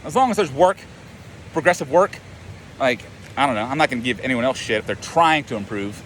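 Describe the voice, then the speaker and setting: A man's voice: mid-range voice, lively intonation, a little fast, a bit bright, a little hiss or hum. A man and life coach talking in a rambling, profane, self-mocking way in a casual monologue.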